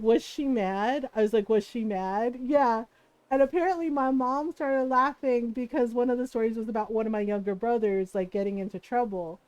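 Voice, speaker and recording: A woman's voice: sits high, darkish tone, rough recording. A woman streamer telling family stories in a casual, giggly, chatty way at a close mic. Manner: giggly, chatty, many restarts. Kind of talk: casual storytelling.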